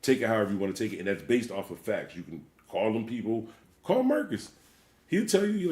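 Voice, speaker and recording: A man's voice: fairly low pitch, sing-song, fairly quick, a little mellow. A man who is a DJ, hosting a livestream and ranting bluntly with plenty of profanity. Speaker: DJ and livestream host. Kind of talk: livestream rant. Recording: roomy echo.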